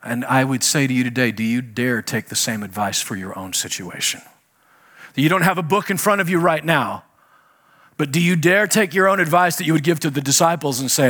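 Husky middle-aged man preaching with swings. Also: a little fast. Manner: conversational, swings between loud emphatic bursts and hushed low lines. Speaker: pastor. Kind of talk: sermon.

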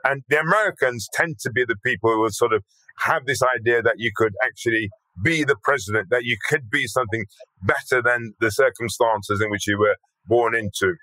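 Older man, bright forceful voice, dry close sound, blunt storyteller, from Birmingham. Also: mid-range voice, brisk, no echo, rough recording. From Birmingham, England. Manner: blunt, earthy and emphatic, swears casually. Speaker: podcast guest. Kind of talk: storytelling interview talk.

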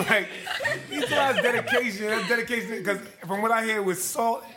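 A man's voice: extremely high pitch, moderate pace, heavy background noise. A man in casual chat who cuts in energetically to tell a backstage story, laughing as he goes. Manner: energetic, interjecting, telling a backstage anecdote.

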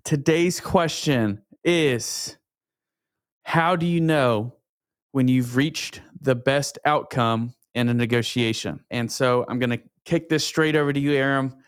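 A man's voice: mid-range voice, measured pace, smooth, dry recording, studio quality. A man co-hosting and introducing a podcast in a friendly, casual way, laughing along with his co-host.

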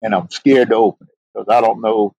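Middle-aged man, police sergeant, podcast guest, earnest storytelling, dry close sound, gravelly voice. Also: on the low side, fairly even intonation, fairly quick, dark tone, dry recording, lo-fi sound. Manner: earnest, fills with "you know". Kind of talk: heartfelt storytelling interview.

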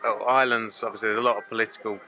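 A man from Romford, a boxing promoter telling rambling, animated stories in a casual interview. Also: fairly low pitch, rapid-fire, faint music behind. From Romford, England.

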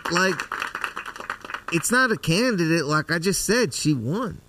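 A man hosting a live show, bantering loudly and joking with callers. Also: fairly high pitch, lively intonation, a little slow, background noise. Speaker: host.

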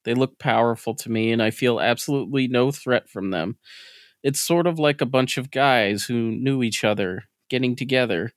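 A man reading the part of a distressed man recalling a UFO encounter under hypnosis, in a halting, hushed first-person voice. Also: medium pitch, dry recording, studio quality, lightly acted. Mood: fearful.

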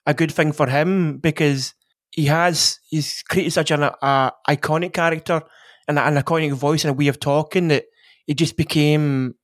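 A man co-hosting a podcast in casual chat, rambling with many restarts and quick agreement. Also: on the high side, steady tone, no room sound, clean studio sound. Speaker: podcast co-host.

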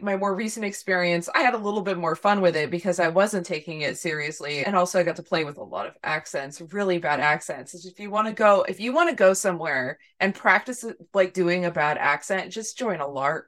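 A woman in casual podcast chat, animated and quick to laugh. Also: lowish voice.

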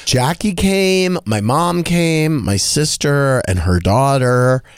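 A man hosting a radio talk show, telling a story with a lively voice that swoops up and down. He talks slowly and a bit high, acting out the people he quotes. The studio sound is close and dry. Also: clean tone, dry recording. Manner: animated, acts out quoted voices in a higher pitch. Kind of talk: casual storytelling chat.

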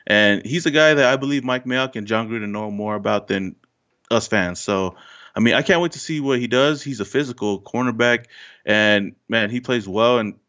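A man's voice: medium pitch, normal speed, fairly bright tone. Man, co-host, casual sports chat, laughs often, muffled lo-fi sound. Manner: laughs often while talking. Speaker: podcast co-host.

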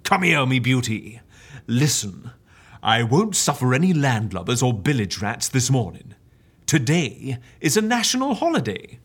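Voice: mid-range voice, big pitch swings, measured pace, breathy edge. Someone playing a rowdy pirate-talking office mate. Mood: hearty piratical. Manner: theatrical pirate slang, big swoops.

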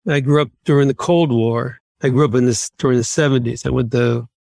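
Older man, gravelly voice, dry close sound, animated interview anecdotes, from Massachusetts. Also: mid-range voice, fairly quick, no room sound. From Massachusetts, USA. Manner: animated, self-deprecating anecdotes. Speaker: podcast guest, former submarine commander. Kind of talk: conversational interview storytelling.

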